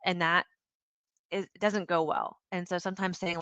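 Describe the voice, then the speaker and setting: Bright-voiced woman, lively podcast guest. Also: fairly low pitch, normal speed, clean tone, no room sound, muffled recording. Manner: animated, acts out quoted dialogue. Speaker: podcast guest, founder and CEO. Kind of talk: casual interview conversation.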